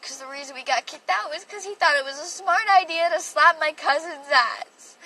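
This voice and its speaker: Bright high-voiced young woman livestreaming. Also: moderate pace. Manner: rambling and emotional, heavy use of "like". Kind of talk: confessional storytelling on a livestream. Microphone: phone. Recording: distant from the mic, faint background noise.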